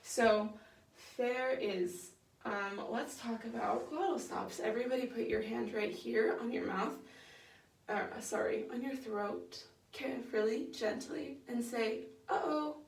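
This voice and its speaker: A woman's voice: on the high side, steady tone, a little slow, vocal fry. Encouraging woman leading a choir rehearsal. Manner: encouraging, patient, many fillers. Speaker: choir director. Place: rehearsal room. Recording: echoey room, voice from far off.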